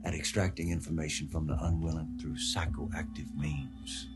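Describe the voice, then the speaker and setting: An actor playing a crook who interrogates a captive with slow, mocking menace and quick impatience. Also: male voice, a bass voice, flat delivery, over music. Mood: menacing.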